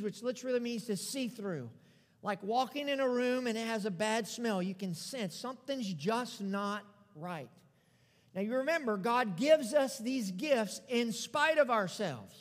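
A man's voice: extremely high pitch, a bit bright. A man preaching a sermon as pastor, leading the congregation in repeated declarations and stressing phrases through repetition. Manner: preaching with call-and-response, repeats phrases for emphasis. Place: church sanctuary. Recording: long reverb of a church hall.

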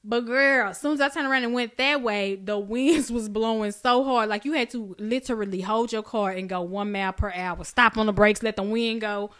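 A woman co-hosting a podcast, telling a story in casual chat, animated and profane, jumping high in pitch when she acts out her own reactions. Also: normal speed, few pauses. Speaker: podcast co-host.

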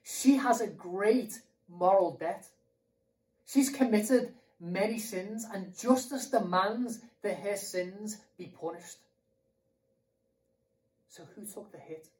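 A man's voice: high-pitched, takes it slowly, pauses often, warm tone, distant mic, poor audio. A British man preaching a sermon in a conversational way, asking rhetorical questions and repeating himself.

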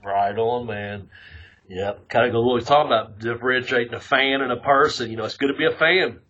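A man's voice: medium pitch, fairly even intonation, brisk, bright, forceful tone, muffled recording, slight background noise. A man co-hosting a podcast in casual chat, rambling and profane, laughing often. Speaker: podcast co-host.

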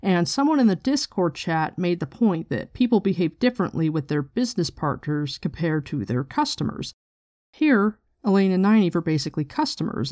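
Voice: mid-range voice, darkish tone, no room sound, clean studio sound. A podcast host in a casual book discussion, chatty and irreverent, swearing casually.

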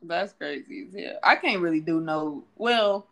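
Woman co-host, casual chat, swears a lot, very lively pitch. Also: unhurried, gravelly, a little hiss or hum. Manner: profane, animated ranting. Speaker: podcast co-host.

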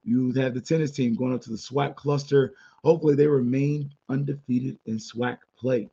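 Casual podcast host, male, dark husky voice, blunt and chatty, dull lo-fi mic. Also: medium pitch, fairly even intonation, normal speed. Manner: candid, chatty, blunt opinions with asides. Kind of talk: casual sports podcast monologue.

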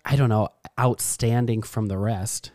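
A man's voice: on the low side, unhurried, dry recording, studio quality. A young man co-hosting a podcast, telling stories in a casual chat and acting out the quotes. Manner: animated storytelling, acts out quotes. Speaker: podcast co-host.

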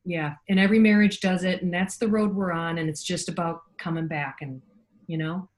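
Fairly quick and fairly low in pitch, a middle-aged woman guests on a podcast and tells her personal stories. Casual and animated, she voices the people she quotes.

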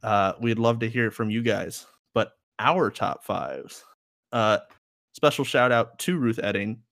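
A man's voice: fairly low pitch, expressive, a little slow, gravelly, fairly bright tone, no echo, clean studio sound. A young man co-hosting a podcast in casual chat, rambling and laughing often. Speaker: podcast co-host.

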